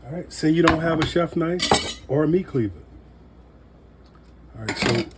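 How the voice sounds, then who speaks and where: A man giving a casual cooking demonstration in a relaxed, folksy way with joking asides. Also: on the high side, moderate pace, heavy background noise. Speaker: home cook demonstrating knife skills.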